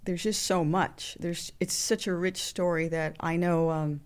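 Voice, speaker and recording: A woman's voice: fairly low pitch, steady tone, clean tone. A woman sharing personal memories as an interview guest, speaking earnestly with frequent restarts. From Mexican heritage. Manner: earnest, halting, many restarts. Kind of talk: emotional personal storytelling.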